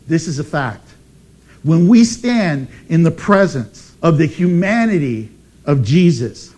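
A man preaching a sermon as pastor, emphatic and animated, with dramatic pauses. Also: on the high side.

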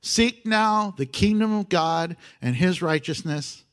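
A man preaching a sermon, animated, swinging from loud emphasis to hushed, intimate asides and acting out prayers with humor. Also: high voice, takes it slowly, clear, resonant tone. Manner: acts out prayers and voices with humor. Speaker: pastor.

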